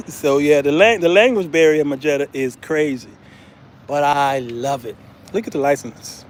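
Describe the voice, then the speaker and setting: A man's voice: fairly high pitch, normal speed. An American man hosting a casual travel vlog, telling a story with laughter and calling his viewers "y'all.". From United States. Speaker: vlogger, show host.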